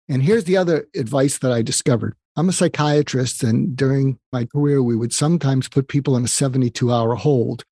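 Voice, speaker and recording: An older man speaks as a guest psychiatrist, earnest and advising as he tells stories. His voice is mellow and a little husky. The sound is dry and close. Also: medium pitch, fairly quick, few pauses, no echo. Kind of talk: interview storytelling.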